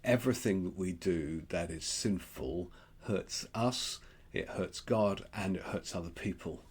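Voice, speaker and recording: A man with an Australian accent giving a gentle, reflective Lenten devotional, pausing often with ums. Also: low voice, slightly rough. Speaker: preacher.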